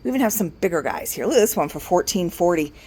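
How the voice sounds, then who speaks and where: A woman's voice: on the low side, sing-song, fast talker, mellow, husky. A woman who owns an antique shop, walking through it casually, chatting about items and working out discounts aloud. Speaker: antique shop owner showing items for sale. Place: indoors in a large antique shop.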